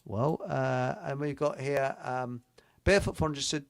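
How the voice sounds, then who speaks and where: A man's voice: mid-range voice, measured pace, creaky, no room sound. An older man hosting a casual radio chat, rambling and joking as he reads out listener comments. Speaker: host.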